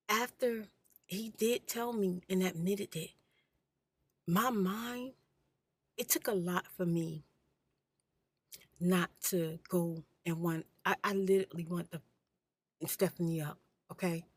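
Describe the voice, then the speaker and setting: A woman hosting an ASMR channel, telling her personal story in a soft-spoken, candid, blunt way and sometimes dropping to a whisper. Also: lowish voice, slow pace, long pauses, dry recording.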